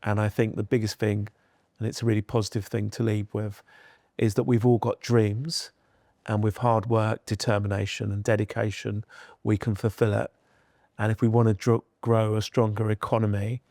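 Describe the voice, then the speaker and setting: A man's voice: fairly low pitch, vocal fry, a little mellow, no room sound, studio quality. A middle-aged man from London, a podcast guest who talks earnestly and tells stories with animation. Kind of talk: podcast interview.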